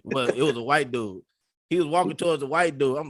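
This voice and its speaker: A man co-hosting a podcast, telling stories in a casual, animated way and laughing often. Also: fairly high pitch, fast talker, dry recording, clean studio sound. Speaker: podcast co-host. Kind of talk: casual storytelling chat.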